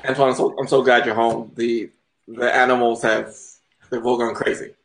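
A man's voice: mid-range voice, level tone, normal speed, gravelly, a bit bright, a little hiss or hum. A man performing in an improv comedy scene. He hesitates and stammers.

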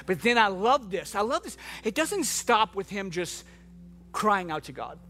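A man preaching a sermon to a congregation in the room and online, moving from quiet reflection to impassioned shouting. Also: high voice, big pitch swings, moderate pace, soft background music. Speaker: pastor. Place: church hall with live and online congregation.

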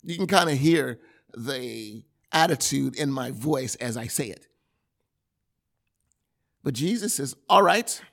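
A man preaching a sermon in a conversational, animated way, with everyday examples. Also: mid-range voice, slow pace, gravelly, long pauses.

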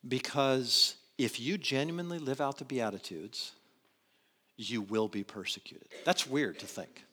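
A man preaching a sermon in an animated way, swinging between loud emphasis and quiet asides. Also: mid-range voice, a little slow. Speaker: pastor.

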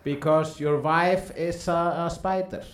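A man's voice: a little high, steady tone, measured pace. A man co-hosting a comedic casual chat, joking and laughing often. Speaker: co-host. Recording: echoey room.

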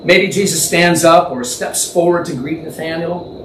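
A man leads an informal Bible teaching, thinking out loud and imagining the scene as he goes. His voice sits high, and he often stops to correct himself. The recording is roomy and echoey, with the mic set well back and a faint hiss underneath. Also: normal speed. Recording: echoey room, distant mic, faint background noise.

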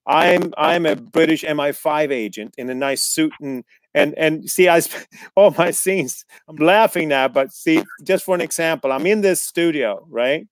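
A man chats casually, telling lively stories, cursing freely and acting out the people he quotes. His voice sits a little on the high side. The sound is dry and close, with no room echo. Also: moderate pace. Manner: animated, swears freely, mimics others in quotes. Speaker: actor guest. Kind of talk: casual storytelling chat.

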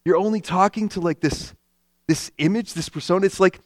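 High-voiced man preaching a sermon. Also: brisk, no room sound, clean studio sound. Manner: conversational, emphatic, repeats key lines. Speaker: pastor.

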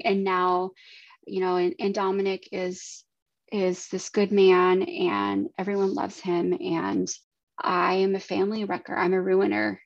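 A woman in her thirties, a podcast guest, giving personal testimony in an earnest, halting way. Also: medium pitch, no room sound. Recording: dry, slightly dull lo-fi sound.

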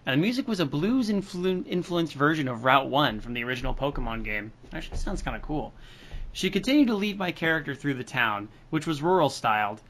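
Bright-voiced man reading a story. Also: on the high side, sing-song, a little fast. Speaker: podcast co-host, reader. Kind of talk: casual reading and chat.

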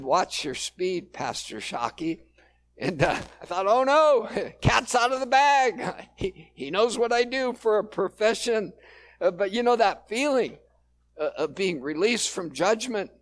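A male pastor preaching a sermon in a relaxed, conversational storytelling way, with frequent fillers. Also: high voice.

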